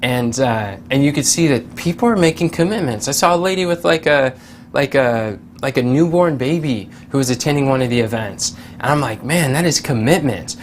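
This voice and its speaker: A man giving a casual motivational talk, telling stories with lively quoted voices and many fillers and restarts. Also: mid-range voice, a little fast, slight background noise. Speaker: motivational speaker.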